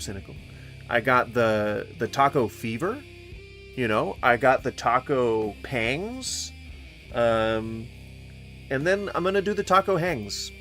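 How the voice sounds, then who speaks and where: Gaming streamer, male, mid-pitched; silly rambling riffs and bursts of mock shouting over faint music. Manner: goofy, rambling, sing-song wordplay, sudden mock yelling. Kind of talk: casual let's-play commentary.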